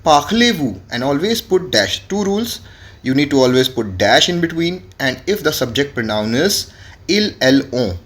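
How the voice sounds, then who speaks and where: A man's voice: medium pitch, very animated, moderate pace, a bit bright. A man, teaching French grammar in a classroom lesson and spelling words out letter by letter. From India.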